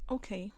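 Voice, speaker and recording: A woman's voice: mid-range voice, a little mellow, breathy edge, dry recording. A woman guest tells a story in casual chat, her voice in a middle range. She talks chattily with fillers and laughs along the way. The sound is dry and close.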